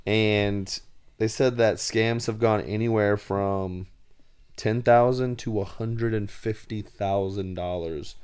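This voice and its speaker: A man's voice: on the low side, fairly even intonation, slow pace, a little mellow, clear, resonant tone. A man hosting a podcast, casually explaining a story to viewers with many fillers. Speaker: podcast host. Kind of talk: casual chat.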